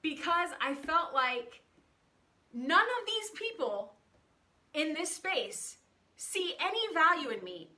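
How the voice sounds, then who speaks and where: A woman's voice: sits high, bright, forceful tone. A woman in her thirties hosting a casual livestream from a room at home, chatty and emotional, greeting viewers by name as she talks. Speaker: livestream host.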